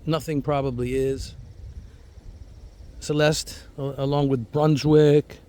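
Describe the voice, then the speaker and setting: A man's voice: medium pitch, level tone, slow pace, dark tone. A man hosting a casual garden vlog outdoors, talking in an enthusiastic, rambling way and repeating words as he goes. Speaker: fig grower and channel host.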